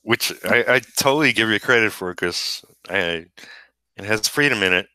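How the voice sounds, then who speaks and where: Smooth, low-voiced laughing man. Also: lively intonation, normal speed, sharp tone, no room sound. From Brooklyn, New York. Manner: laughs often, self-deprecating. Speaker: comic book inker. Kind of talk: casual chat while inking.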